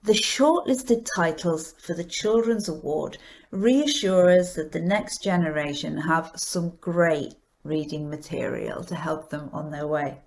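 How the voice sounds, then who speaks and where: A woman hosting an awards presentation, reading a script in a measured, deliberate way. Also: low-pitched. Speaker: awards host.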